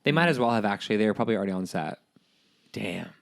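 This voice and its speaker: A man's voice: lowish voice, expressive, rapid-fire, creaky. A man co-hosting a podcast in a joking, rambling casual chat. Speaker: podcast co-host.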